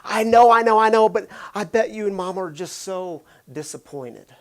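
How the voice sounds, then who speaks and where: A man voicing his sad, guilty six-year-old daughter as she confesses softly and tearfully. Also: sits high, moderate pace, voice pushed up, close to an everyday voice. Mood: remorseful.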